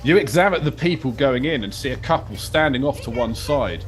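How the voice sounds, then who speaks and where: A man's voice: mid-range voice, animated, a little fast, soft background music. A man hosting a podcast, playfully narrating a choose-your-path game scenario. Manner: playful, chatty storyteller. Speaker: podcast host and game master.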